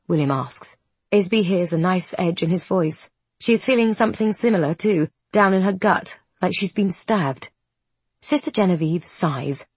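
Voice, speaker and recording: A woman narrating a storybook in a measured, descriptive way. Her voice is low and husky. The recording is dry and close. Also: a little mellow, dry recording. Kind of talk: scripted narration.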